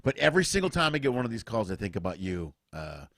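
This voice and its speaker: A middle-aged man hosting a casual remote comedy chat, an animated storyteller who acts out other people's voices. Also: fairly low pitch, fast, no echo. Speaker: podcast host. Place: home, remote video chat.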